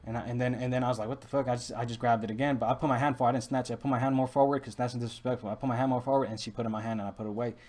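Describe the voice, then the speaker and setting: Fast-talking young man rambling a story. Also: medium pitch, fairly even intonation, a little mellow. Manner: rambling, repetitive restarts, heavy street slang. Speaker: vlogger. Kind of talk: casual storytelling monologue.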